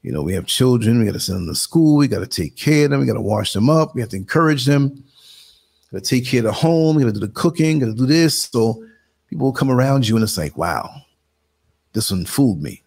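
A man's voice: medium pitch, expressive, quick pace, gravelly, darkish tone, slightly rough. A man with a New York accent hosting a casual live stream, chatting to viewers and muttering asides as he works the computer. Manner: conversational, muttering asides while working the computer. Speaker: live show host. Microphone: computer streaming setup.

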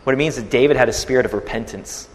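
A male pastor preaching a sermon, retelling a scripture story with swings between quiet and loud. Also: mid-range voice, fast talker, long reverb tail.

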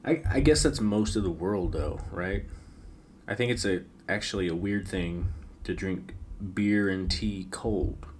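A man's voice: lowish voice, a little hiss or hum. A man hosting a late-night solo podcast, rambling wryly with frequent stammered restarts. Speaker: podcast host.

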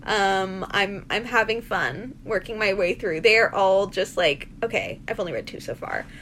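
A woman's voice: medium pitch, moderate pace, slight background noise. A young woman co-hosting a podcast in casual chat, bubbly with many fillers. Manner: bubbly, lively, filler-heavy. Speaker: podcast co-host.

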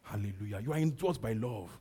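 A Nigerian man preaches in a mellow, slightly husky voice. He repeats short lines again and again and drops in hallelujahs between them. He talks like a pastor speaking straight to his church. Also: lowish voice, lively intonation, a little fast. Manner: repetitive preaching with frequent hallelujahs. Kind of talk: sermon.

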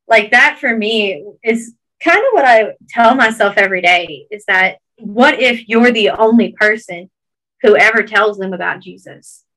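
A woman's voice: mid-range voice, a little slow, pushed and bright, rough recording. A woman with a Georgia Southern accent, earnestly encouraging listeners in a casual podcast chat.

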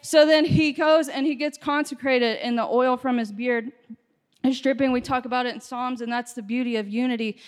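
A woman preaching a sermon with passion, her voice rising to shouts at its peaks. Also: sits high, steady tone, moderate pace, in a large hall. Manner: impassioned, builds to shouting.

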